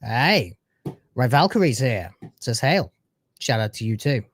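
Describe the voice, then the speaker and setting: A man's voice: mid-range voice, very animated, a little slow, a little hiss or hum. A man hosting a live stream, chatting casually with brash, sarcastic, crude banter.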